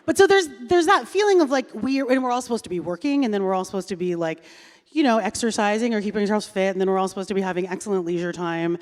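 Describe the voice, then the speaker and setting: A woman's voice: medium pitch, lively intonation, fast talker, darkish tone. A woman in her thirties moderating a live panel, chatty and reflective with many fillers. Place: large hall on stage. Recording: reverberant hall.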